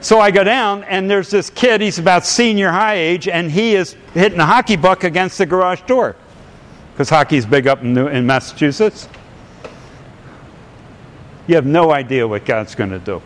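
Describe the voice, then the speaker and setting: A man's voice: high-pitched, normal speed, fairly bright tone. A man preaching, telling a personal story with animation and building into fervent exhortation. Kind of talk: sermon with storytelling. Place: church sanctuary. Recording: long hall reverb.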